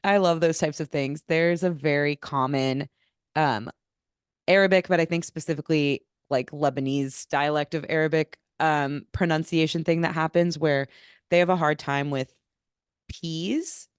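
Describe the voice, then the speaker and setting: A woman co-hosting a podcast in casual chat, calm and thoughtful, telling stories in an easygoing way. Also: low-pitched, moderate pace, clean tone, dry recording, studio quality. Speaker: podcast co-host.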